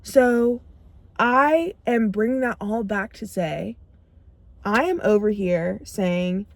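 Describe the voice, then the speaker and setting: A young woman with a mid-range voice gives a motivational self-growth talk to camera, taking it slowly. She is emphatic, repeats phrases for punch, and acts out her own inner dialogue in quotes.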